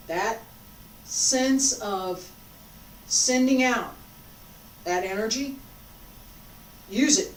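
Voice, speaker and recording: Female qigong instructor, unhurried and soothing, heard from a distance in an echoey room. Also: fairly high pitch, a little hiss or hum. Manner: slow, coaxing, drawn-out phrases with long pauses. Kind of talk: guided qigong class. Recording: roomy sound from a distant mic.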